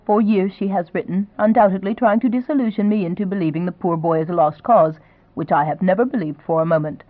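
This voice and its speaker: Reading a romance audiobook, a narrator plays a gracious, persistent elderly duchess grandmother, genteel and pleasantly insistent. The voice is medium-pitched and quick, lightly acted, with a thin, narrow, dry sound and no echo.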